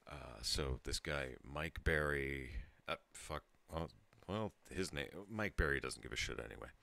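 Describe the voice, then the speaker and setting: A man's voice: very deep voice, unhurried, gravelly, pushed and bright, no echo. A tipsy man in his thirties telling a rambling story to his channel, laughing and breaking off mid-sentence. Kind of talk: casual storytelling monologue.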